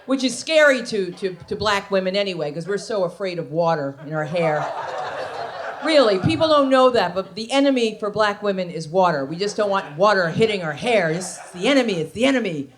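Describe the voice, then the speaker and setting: A woman's voice: mid-range voice, lively intonation, brisk. A woman comedian performing a stand-up set on a comedy club stage, sassy and conversational with punchy delivery.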